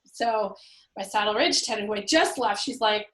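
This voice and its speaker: Animated woman telling a story, echoey room. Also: medium pitch, normal speed. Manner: animated, acts out her own past quotes. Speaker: guest, real estate investor and landlord. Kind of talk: conversational storytelling.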